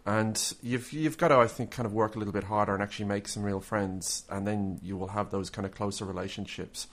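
A man's voice: on the low side, steady tone, brisk. A man co-hosting a podcast in casual chat, rambling with many fillers and restarts. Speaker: podcast co-host.

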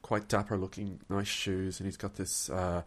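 A man's voice: deep voice, level tone, normal speed. A man with an Australian accent, co-hosting a podcast, telling a rambling story and repeating his words. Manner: rambling, repeats words, acts out quoted people. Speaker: podcast co-host. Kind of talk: casual storytelling chat.

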